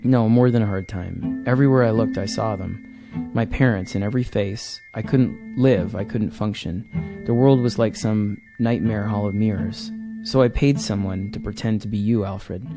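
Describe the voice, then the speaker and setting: A man's voice: on the low side, moderate pace, over music, natural voice. A man reading aloud a haunted, driven young man of twenty-five who confesses his past with intensity. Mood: confessional. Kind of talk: reading a comic script aloud.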